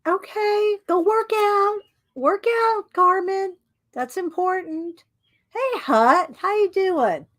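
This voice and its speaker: A woman's voice: extremely high pitch, takes it slowly, fairly bright tone. A middle-aged woman hosting a live art stream, greeting viewers by name in a chatty way and laughing often.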